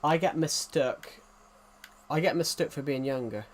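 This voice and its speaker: A man's voice: fairly high pitch, a little slow, a little hiss or hum. Male streamer, casual and repetitive, talks straight to chat; keyboard typing faint in the room. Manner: rambling, repeats phrases, restarts often; talks directly to viewers as "guys". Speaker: gaming streamer.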